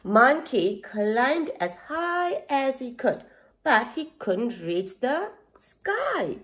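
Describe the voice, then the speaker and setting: Woman teacher reading aloud to preschoolers; slow, animated, asks the children questions. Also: high-pitched. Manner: expressive, asks young listeners questions.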